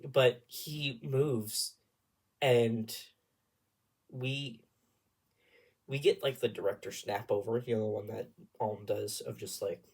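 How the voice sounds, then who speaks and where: A young man with a husky, breathy voice spins a rambling story straight to camera. He talks casually and animatedly, often dropping into a whisper for asides. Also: medium pitch, fairly even intonation, slow pace, long pauses, a little mellow. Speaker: vlogger.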